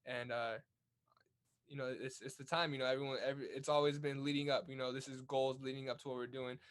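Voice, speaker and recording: A man's voice: medium pitch, flat delivery, fast, clean tone. A young man from California's Central Valley, a guest telling stories in a casual interview, upbeat with many restarts. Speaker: guest, Olympic boxer.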